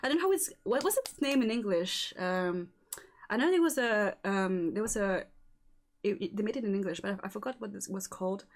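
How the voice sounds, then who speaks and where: A woman with a French accent, speaking English as a second language, hosting a casual chat and talking haltingly with many fillers and restarts. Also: mid-range voice, animated. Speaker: host.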